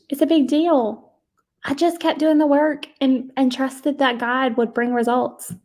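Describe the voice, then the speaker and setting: Woman, high voice, motivational pep talk, emphatic, preachy, folksy direct address. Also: darkish tone. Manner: emphatic and preachy, with frequent laughs. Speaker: direct sales team leader.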